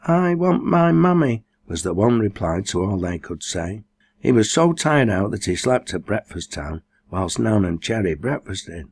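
Deep husky man reading a novel aloud. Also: lively intonation, moderate pace, darkish tone. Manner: reads dialect dialogue in raised voices. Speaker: audiobook reader. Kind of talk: scripted narration.

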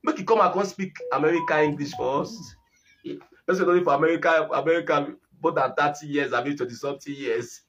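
A man's voice: fairly high pitch, fast talker, a bit bright, muffled recording. A young Nigerian man giving mocking commentary on a video, laughing and repeating himself as he teases. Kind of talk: mocking commentary in Pidgin and English.

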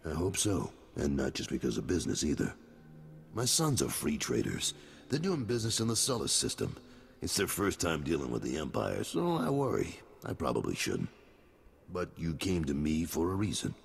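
An actor playing a blunt, streetwise middle-aged gang boss in a video game, with a deep gravelly voice. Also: male voice, huge pitch swings, moderate pace, big-room sound, heavily acted. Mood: gruff. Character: gruff middle-aged male gang boss, worried father.

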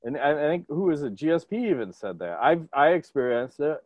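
A man hosting a casual podcast, excitable and quick to swear, full of jokes. His voice sits a little high for a man and comes across dry and close, with little room sound. He talks over a video call. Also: no room sound. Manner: profane, excitable, jokey. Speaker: podcast host.

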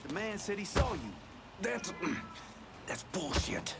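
An actor playing a gruff male street tough in a video game, scolding someone with coarse swearing. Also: high voice, expressive, slow, heavy background noise, full character voice. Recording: distant game audio under loud music.

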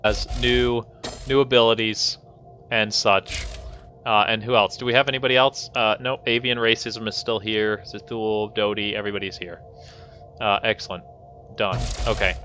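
A man's voice: fairly low pitch, flat delivery, normal speed, sharp tone, faint music behind. A man streaming a colony-building game, commenting live and scolding his characters in exasperated outbursts. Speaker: gaming host.

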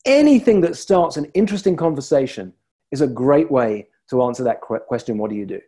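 A male coach speaks in a soft, mellow tone with a slightly husky edge. He tells stories slowly and reflectively, leaving deliberate pauses between thoughts. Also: medium pitch, expressive. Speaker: leadership coach. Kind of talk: motivational talk to camera.

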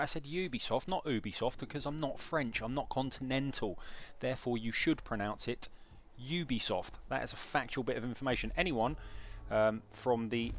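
A young British man streaming a video game, joking and hyping himself up as he talks to chat. His voice sits mid-range with a faint hum of noise behind it. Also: medium pitch. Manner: excitable banter with chat, jokey. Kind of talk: live gameplay commentary.

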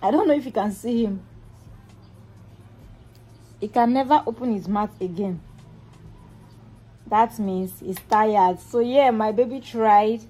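Young mom vlogging at home, talks slow and a bit high, coos at her baby, faint music behind. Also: mellow, rough recording. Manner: cooing baby talk mixed with chatty asides to viewers. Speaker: vlogger and mother. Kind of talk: casual vlog, talking to baby and viewers.

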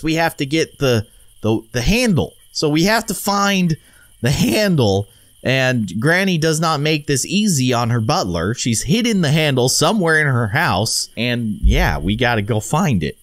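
A young man narrates his gameplay in a playful, chatty way. His pitch bounces around a lot, and he often trips over and repeats his words. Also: no echo. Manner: playful, self-amused, chatty with repeated restarts. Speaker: gaming video host. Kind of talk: let's play commentary.

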